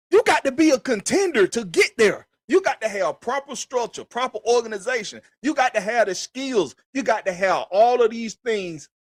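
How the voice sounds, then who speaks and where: A man's voice: high-pitched, no echo, studio quality. A man hosting a sports podcast, talking heatedly with lots of repetition and swearing. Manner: emphatic, repetitive, swears freely. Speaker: podcast host. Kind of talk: heated casual sports talk.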